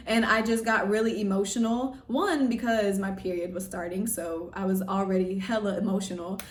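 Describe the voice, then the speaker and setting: A young woman from Louisiana telling a story in a casual vlog, chatty and animated, full of "like" and "y'all". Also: mid-range voice, brisk, few pauses, far from the mic. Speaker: pageant vlogger. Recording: roomy echo, voice a bit off-mic.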